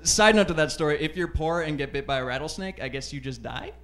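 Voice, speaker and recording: A man doing a stand-up routine on a comedy club stage into a handheld mic, telling stories in a deadpan, self-deprecating way. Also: on the high side, fast talker.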